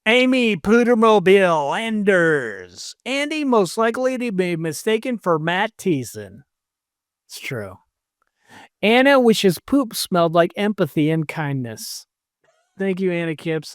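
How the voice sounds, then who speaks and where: A podcast host in casual comedic chat, reading out supporter names with playful deadpan jokes. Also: mid-range voice, measured pace, no echo, clean studio sound.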